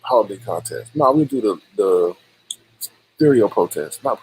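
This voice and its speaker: A man's voice: lowish voice, lively intonation, normal speed, darkish tone, slight background noise. A man hosting a livestream, ranting and scolding in sassy, slangy commentary. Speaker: livestream host.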